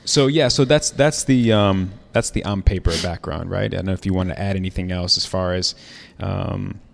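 A man's voice: low-pitched, moderate pace, creaky. A man hosting a podcast, upbeat and chatty as he introduces and interviews his guest. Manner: upbeat, friendly, chatty, with frequent fillers. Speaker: podcast host.

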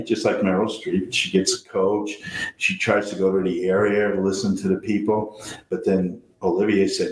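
A man's voice: sits low, little pitch movement, normal speed. An older man, a stage actor and playwright, telling rambling anecdotes in a casual interview. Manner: rambling storyteller, frequent restarts. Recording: roomy recording with faint noise.

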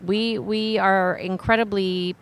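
Relaxed woman co-hosting radio. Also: medium pitch, takes it slowly. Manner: relaxed, filler-heavy, uses "like" often. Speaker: radio co-host. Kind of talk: casual talk and ad reads.

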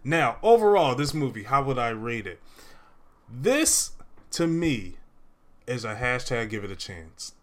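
A man's voice: mid-range voice, big pitch swings, unhurried. A young man reviews a movie in easy, casual chat. His recap wanders, packed with fillers and restarts, in a plain mid-range voice. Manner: rambling recap full of "uh" and "like".

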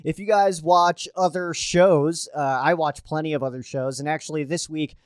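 Male sports show host, home setup, slightly high pitch, dry sound, rambling chatty delivery. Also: steady tone, normal speed, smooth, no echo. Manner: chatty, restarts often, uses fillers. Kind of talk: casual sports commentary.

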